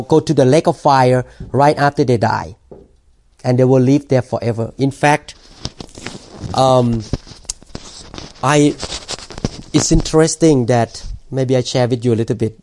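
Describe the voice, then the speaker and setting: A man preaching as a pastor, earnest and halting, often restarting and repeating words. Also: medium pitch, mellow. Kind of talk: sermon.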